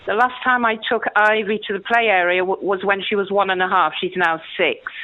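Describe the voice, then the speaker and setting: A woman's voice: medium pitch, fairly even intonation, a little fast. An older woman calling a radio phone-in, chatty, a little nervous and indignant. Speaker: caller. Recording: tinny phone line.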